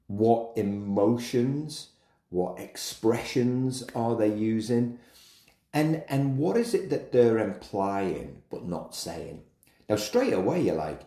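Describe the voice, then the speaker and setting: A man's voice: on the low side, animated, slow, mellow, reverberant. A man hosting a solo podcast, talking conversationally with frequent restarts and repeated words. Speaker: podcast host.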